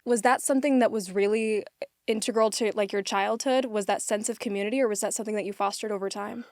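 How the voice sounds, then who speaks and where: A woman's voice: medium pitch, fairly even intonation, fast, darkish tone, dry recording, clean studio sound. A woman hosting a podcast, asking questions and encouraging her guest as she listens. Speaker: podcast host. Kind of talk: interview questions, warm reactions.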